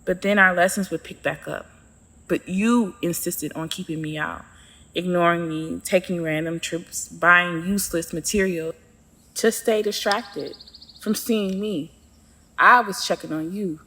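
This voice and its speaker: A woman voicing Pain as a calm, nonchalant male figure in a spoken short story. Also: fairly low pitch, measured pace. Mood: soft, earnest.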